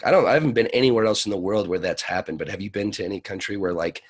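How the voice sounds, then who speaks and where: A man guesting on a podcast, talking in a relaxed, rambling way and laughing often. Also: lowish voice, very fast, breathy edge. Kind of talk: casual conversation.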